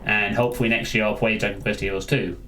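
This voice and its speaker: A man, his voice sitting on the low side, talks casually on a live stream. He rambles, stops to answer viewers and often trips over his own sentences. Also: fairly even intonation, quick pace, pushed and bright, a little hiss or hum. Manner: rambling, answers chat, frequent restarts.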